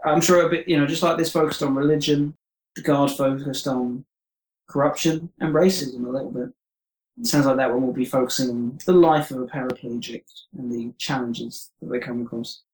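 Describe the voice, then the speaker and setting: A man as a podcast guest in casual film discussion, speaking in a polite, measured, slightly tentative way. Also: mid-range voice, fairly even intonation, darkish tone. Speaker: podcast guest, former co-host. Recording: roomy echo.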